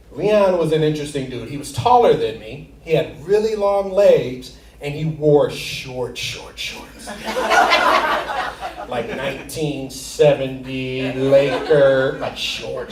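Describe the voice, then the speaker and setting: A man's voice: mid-range voice, slow pace, roomy sound, far from the mic, background noise. A man doing stand-up comedy, telling a rambling story and laughing at his own jokes while acting out friends and family. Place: comedy theater stage.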